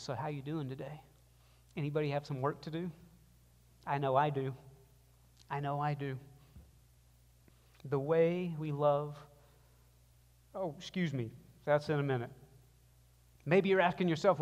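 A man's voice: a little high, moderate pace, pauses often. Man preaching in a reverberant church. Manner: preaching with wide swings between loud emphasis and quiet; engages the congregation with call-and-response. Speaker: pastor. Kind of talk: sermon. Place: church sanctuary. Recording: long reverb of a church hall.

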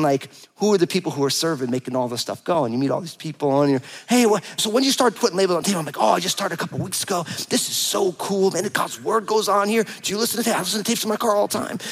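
His voice is high and slightly rough. In his forties, this pastor delivers a sermon built around a personal story told with humor, animated and playful as he acts out what people said.

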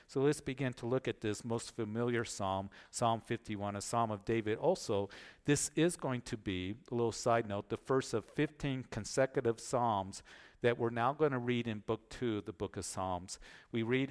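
A male pastor giving an earnest verse-by-verse Bible teaching, often repeating words and pausing on fillers as he explains. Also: mid-range voice, smooth.

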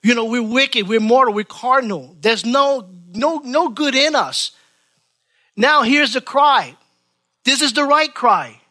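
Bright, high-voiced male preacher. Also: a little slow. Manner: impassioned, repeats phrases, swings between loud and hushed. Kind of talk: sermon.

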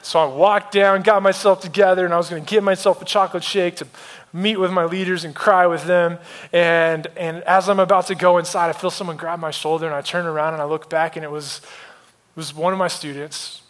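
Guy pastor telling a story at church, kinda high voice, chatty and honest, goes real quiet sometimes. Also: steady tone, a little fast. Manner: conversational, confessional, drops to near whispers in quiet moments. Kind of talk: sermon storytelling.

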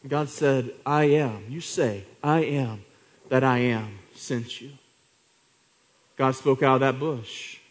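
A man preaching a sermon, swinging from hushed to loud, with repeated rhetorical questions to the congregation. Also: mid-range voice, slow pace.

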